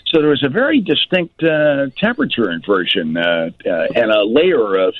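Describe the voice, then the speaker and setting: Weather guy calling in on the phone, husky and lively, tinny dry line. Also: medium pitch, moderate pace, no echo. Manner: animated, explanatory, enthusiastic about weather. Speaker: meteorologist guest. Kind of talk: casual radio phone chat.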